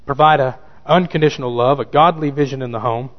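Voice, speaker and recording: A man's voice: mid-range voice, a little fast. A pastor preaching a sermon who repeats key phrases for emphasis and addresses his listeners directly. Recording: dull church recording with long reverb.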